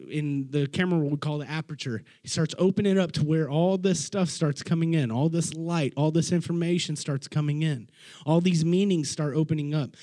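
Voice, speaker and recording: A male preacher tells Bible stories in a loose, conversational sermon. He is enthusiastic and slangy, often restarting his sentences. His voice sits fairly high for a man. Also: darkish tone. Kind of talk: casual storytelling sermon.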